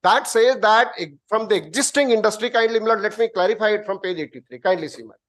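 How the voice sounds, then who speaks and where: A man's voice: high voice, lively intonation, quick pace, a bit bright. A man with an Indian English accent arguing insistently as an advocate in a courtroom. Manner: insistent, addresses the bench as my lord. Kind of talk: courtroom argument.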